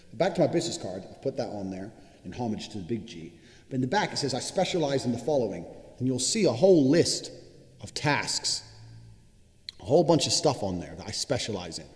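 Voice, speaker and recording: Speaking off the cuff as a course instructor, this man delivers a motivational talk in a voice that sits on the low side with a darkish tone. His storytelling is fast, full of profanity and bragging. Long reverb fills the echoey room.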